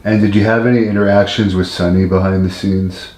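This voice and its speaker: Male interviewer, very deep and monotone, dark tone, roomy echo. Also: a little fast. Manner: direct, blunt questions. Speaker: interviewer, host. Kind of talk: interview questions. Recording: echoey room.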